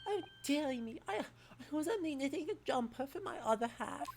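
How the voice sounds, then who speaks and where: A woman's voice: sits high, expressive, fairly quick, a little mellow, a little hiss or hum, pitched above the performer's own voice. A woman doing a twittery old lady juror. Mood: flustered. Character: fussy old woman juror knitting, flustered.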